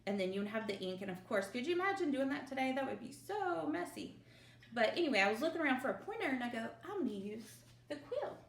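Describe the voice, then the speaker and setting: A woman teacher, leading young children through a phonics review with slow, drawn-out drills and cheerful asides, recorded at home. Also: a little high, big pitch swings, slight background noise. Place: home, at her mother's desk. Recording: echoey room.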